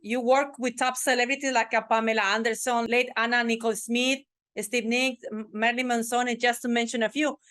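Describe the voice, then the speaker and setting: A woman's voice: on the high side, flat delivery, brisk, hardly any pauses, fairly bright tone. Effusive woman podcast host, many restarts. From Mexican family, works from the United Kingdom audience side. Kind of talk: casual interview chat.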